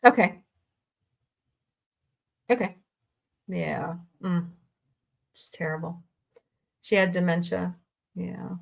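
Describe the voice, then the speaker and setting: A woman's voice: lowish voice, slow, vocal fry, long pauses. Chatty middle-aged woman hosting a stream. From Southwest Missouri, USA. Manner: chatty, rambling, answering chat messages. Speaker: livestream host. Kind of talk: casual livestream chat.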